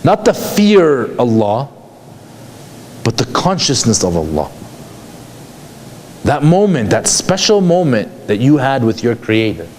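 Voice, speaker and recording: A man's voice: medium pitch, big pitch swings, measured pace, a little hiss or hum. A man giving a conversational lecture to a class, asking many rhetorical questions. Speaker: psychologist teaching a class.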